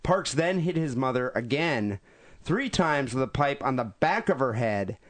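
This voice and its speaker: A man's voice: mid-range voice, lively intonation, a little slow, a bit bright. A man co-hosting a podcast who retells a news story in an irreverent, joking way. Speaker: podcast co-host.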